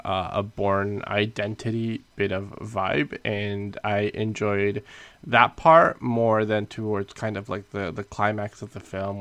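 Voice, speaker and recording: Low-voiced man chatting with many fillers. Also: a bit bright, no room sound. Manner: halting, many fillers and restarts. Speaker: podcast co-host. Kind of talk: casual movie review chat.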